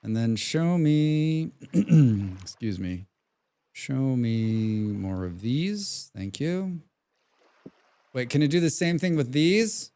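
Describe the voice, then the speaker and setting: A male game streamer talks loosely through a live session, rambling and answering chat. His voice sits at an ordinary middle pitch. He hums idly to himself between thoughts. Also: lively intonation, slow, warm tone. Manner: rambling and chatty, reading chat aloud; hums tunelessly while playing. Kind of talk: live gaming stream commentary.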